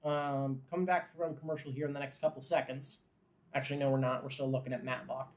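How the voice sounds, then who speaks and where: A man hosting a live watchalong who mixes glum fan grumbling and swearing with play-by-play calls that build in excitement on big plays. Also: medium pitch, a little fast. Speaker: host of a live game watchalong. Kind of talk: casual live game commentary.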